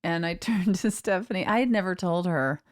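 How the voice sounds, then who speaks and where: A woman's voice: on the low side, a little fast. A woman co-hosting a podcast in casual chat, speaking hesitantly with many ums. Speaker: podcast co-host.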